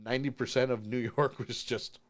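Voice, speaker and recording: A man's voice: mid-range voice, fairly quick. A tired man co-hosting a live-streamed podcast, casually recapping a show and acting out lines with frequent laughs. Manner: animated storyteller, acts out quotes and laughs often. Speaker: podcast co-host. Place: streaming from home.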